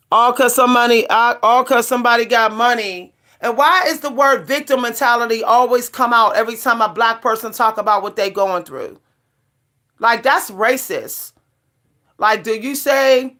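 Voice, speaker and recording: Emphatic middle-aged woman, fairly high voice. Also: fairly bright tone. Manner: emphatic, repetitive, punchy refrains. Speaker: vlogger. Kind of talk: casual rant to camera.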